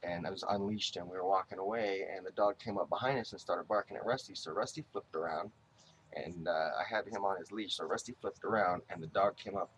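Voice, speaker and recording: A man giving a casual, rambling tribute to his dog. He speaks to the dog directly and fondly, in halting phrases full of restarts. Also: low voice, a bit bright, a little hiss or hum.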